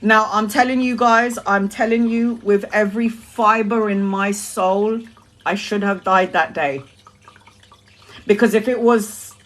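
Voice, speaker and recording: With a mid-range voice, this woman from Brazil, who reads tarot, recounts a story during a live stream. She's lively, laughing often and swearing as she goes.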